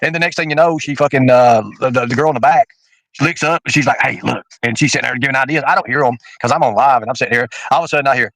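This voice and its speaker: Guy on a livestream, talks fast, rambles, lots of ums, dry close sound. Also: mid-range voice, a bit bright, no room sound, rough recording. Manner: rambling, with many fillers and restarts. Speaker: livestream host. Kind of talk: casual livestream chat.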